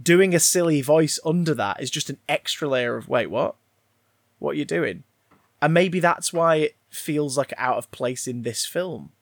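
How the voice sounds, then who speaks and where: A man's voice: fairly high pitch, normal speed, hardly any pauses, no room sound, studio quality. A man casually discussing a film, rambling and swearing with frequent restarts.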